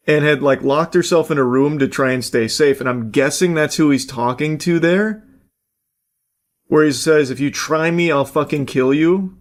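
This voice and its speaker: A man giving casual, rambling commentary as he reacts to a video clip. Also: a little high. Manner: rambling, self-correcting narration.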